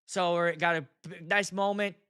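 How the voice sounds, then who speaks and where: On his own show, a man casually chats through stories from his time as a wedding DJ, laughing often and acting out how crowds react. His voice is high-pitched and moderately paced, with a clean, echo-free, studio-quality sound.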